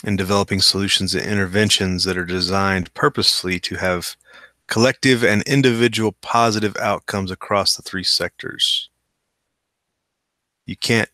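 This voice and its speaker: A man reads article passages aloud in a casual home show, breaking off for skeptical, wry remarks. His voice sits a little low but has a bright, forceful edge. The sound is close and dry, with no room around it. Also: no echo. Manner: skeptical, wry asides between read quotes. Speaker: host reading and commenting on articles. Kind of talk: casual commentary while reading aloud.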